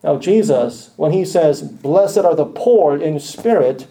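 A man preaching a sermon earnestly, rising to loud emphatic lines and dropping to quiet, hushed ones. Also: fairly high pitch, animated, slow. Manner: earnest, swells loud then drops to near-hushed lines.

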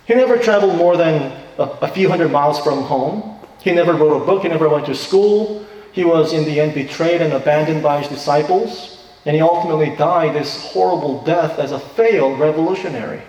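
A man preaching in a church, pressing his points with emphatic repeated questions. His somewhat high voice rings through a large reverberant hall. He is heard from some distance off the mic. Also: brisk, darkish tone. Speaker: pastor. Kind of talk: sermon. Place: church sanctuary. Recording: echoey hall from far off.

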